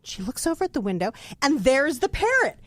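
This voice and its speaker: A middle-aged woman co-hosting a casual podcast, telling a long joke in an animated way. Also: high voice, fairly quick, dry recording, studio quality. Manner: animated storyteller. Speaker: podcast co-host.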